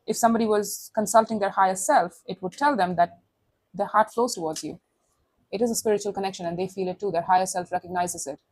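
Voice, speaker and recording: A woman's voice: mid-range voice, fast, a little mellow, no room sound. A woman giving a casual tarot reading to camera, blunt and sassy, acting out imagined thoughts. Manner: sassy, blunt, acts out quoted inner voices. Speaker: tarot reader.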